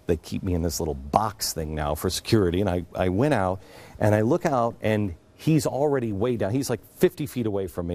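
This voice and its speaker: Low, dark-voiced male talk host. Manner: earnest, confiding, with sudden drops to a hush. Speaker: radio and TV show host. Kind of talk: monologue storytelling.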